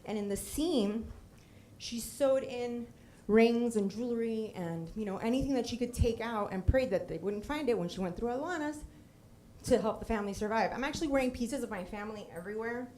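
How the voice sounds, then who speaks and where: A middle-aged woman from Puerto Rico giving a personal storytelling talk with slides. She is humorous, lively and often drifts into tangents and acted quotes. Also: fairly high pitch, brisk, slight background noise. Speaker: storytelling speaker on stage.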